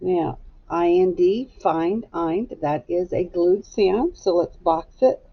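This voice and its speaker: Slow, gravelly-voiced woman teacher. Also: lowish voice, lo-fi sound. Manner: slow, clear, patient teacher talk. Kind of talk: phonics lesson for children.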